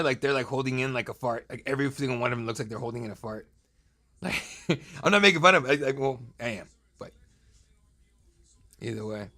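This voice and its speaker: A man's voice: fairly high pitch, sharp tone. A man in his thirties hosting a live draft stream, chatting loosely with viewers and joking with crude remarks. He talks from a home streaming setup into a desk mic. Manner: loose, joking, profane banter with chat. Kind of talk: casual live-stream commentary.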